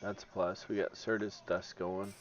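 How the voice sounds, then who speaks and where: Sleepy low-voiced man streaming a game. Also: level tone, moderate pace. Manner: mumbles quietly to himself, then bursts out loud and laughing. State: sleepy, yawning. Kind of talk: casual gameplay commentary. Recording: dull lo-fi stream audio, faint noise.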